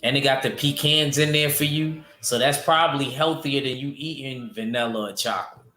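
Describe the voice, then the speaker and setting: A man's voice: medium pitch, fairly quick, sharp tone, echoey room. A man hosting a casual boxing livestream, rambling loosely and answering his chat. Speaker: boxing show host reading chat.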